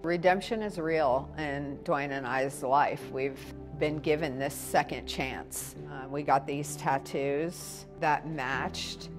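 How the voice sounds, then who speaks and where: A woman talking calmly and affectionately in a casual video diary. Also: deep voice, slow pace, hardly any pauses, music in the background. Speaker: fiancée.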